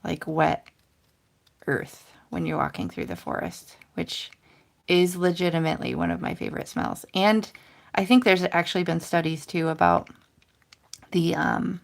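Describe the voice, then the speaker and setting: On her casual crafting livestream, a host in her thirties stamps and colors while rambling to viewers and making fun of herself. Her fairly low voice is expressive, unhurried, and creaky.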